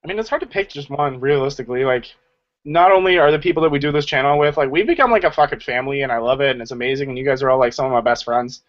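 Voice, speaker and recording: A man's voice: mid-range voice, rapid-fire. A man co-hosting a casual group video chat, jokey and chatty with lots of fillers. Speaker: channel co-host. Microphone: video call. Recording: lo-fi video call audio.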